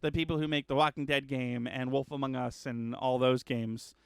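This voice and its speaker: A man hosting a casual gaming news chat, rambling with lots of ums and uhs and correcting himself, getting excited about upcoming games. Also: medium pitch, moderate pace, creaky, clean tone, no room sound, clean studio sound. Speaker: gaming news show host.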